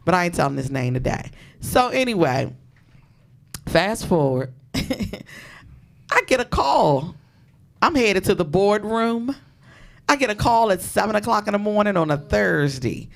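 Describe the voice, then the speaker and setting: Lively D.C.-accented woman storyteller. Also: mid-range voice, measured pace, gravelly, pauses often. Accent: Washington, D.C. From Washington, D.C. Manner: loud, profane, laughs often. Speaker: podcast host. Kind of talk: animated storytelling chat.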